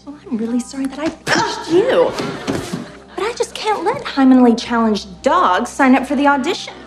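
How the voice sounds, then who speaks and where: Snobby mean girl, high and snippy, movie music behind. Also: animated, moderate pace. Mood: snide. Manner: condescending, curt. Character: snooty mean popular teenage girl.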